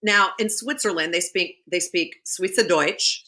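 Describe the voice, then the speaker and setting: A woman telling a story as a podcast guest in casual chat, animated and chatty. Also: on the low side, measured pace.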